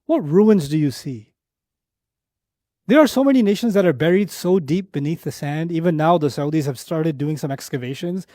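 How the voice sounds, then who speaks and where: Animated high-voiced male lecturer. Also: dry recording, clean studio sound. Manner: animated storyteller who recites Arabic verses quickly; repeats phrases for emphasis. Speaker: Islamic lecturer. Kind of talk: lecture explaining Quran verses.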